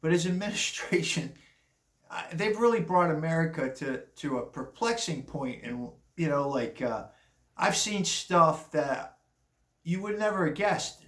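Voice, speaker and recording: A man's voice: a little high, expressive, measured pace, fairly bright tone. An older man giving a rambling, blunt opinion monologue on the day's news, with chuckling asides. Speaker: commentary vlogger. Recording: echoey room.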